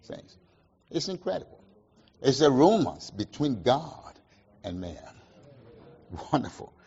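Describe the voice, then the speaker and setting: A man preaching a sermon, asking the congregation questions and answering them, with sharp swings between loud emphasis and quiet asides. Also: mid-range voice, very animated, takes it slowly, creaky, breathy edge, lo-fi sound. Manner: call-and-response questions, emphatic swings in loudness.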